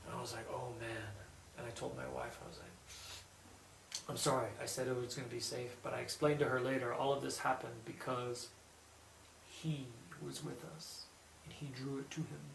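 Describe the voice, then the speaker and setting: Gravelly man telling a story from across a room. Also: mid-range voice, normal speed. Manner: animated storytelling, quoting others in lively bursts. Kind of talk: casual spoken anecdote. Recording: roomy echo, distant mic, faint background hum.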